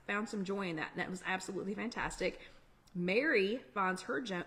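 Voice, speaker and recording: A woman hosting a live online workshop chat, talking fast in a chatty, encouraging way. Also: mid-range voice. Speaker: workshop host. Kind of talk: casual live-stream chat.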